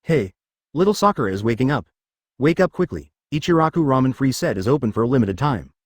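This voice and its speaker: A man's voice: medium pitch, big pitch swings, quick pace, darkish tone, no room sound, studio quality. A man narrating a brash, whiny boy ninja in a fan fiction story. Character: loud boastful boy ninja.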